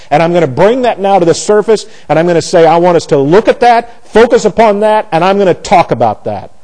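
Animated, mellow-voiced man teaching a class. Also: high voice, rough recording. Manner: rhetorical questions, repeats and restarts phrases; chatty, folksy asides. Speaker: Bible study teacher.

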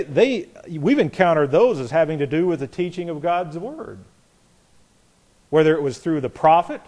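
A man's voice: on the high side, darkish tone. A man leading a Bible study class, explaining a passage step by step, asking students questions and reading scripture with stress on key words. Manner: deliberate, repeats words, asks the class questions. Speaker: Bible teacher.

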